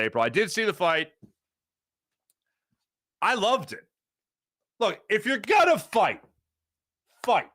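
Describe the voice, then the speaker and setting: A middle-aged man hosting a live sports talk show, answering chat in a rambling, animated way. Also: dry recording, clean studio sound. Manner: animated, rambling, swings between low asides and loud bursts.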